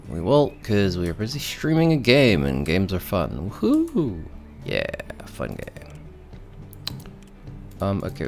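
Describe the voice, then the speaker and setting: A low-pitched, gravelly man rambles playfully while he streams a game and teases his chat. His pitch swings a lot as he talks, and faint music plays behind him. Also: darkish tone. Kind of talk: casual gaming commentary.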